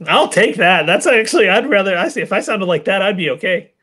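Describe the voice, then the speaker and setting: A man's voice: high voice, animated, brisk, a bit bright, slightly rough. A man in casual chat, hesitant and given to repeating himself. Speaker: teacher, co-host.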